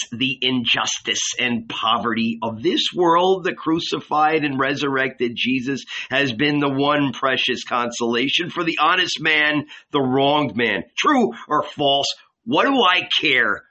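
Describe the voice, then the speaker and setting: A man's voice: mid-range voice, lively intonation, measured pace, few pauses, pushed and bright, highs cut off. A man reading the lines of a zealous, indignant apostle who scolds and accuses. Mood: indignant scolding.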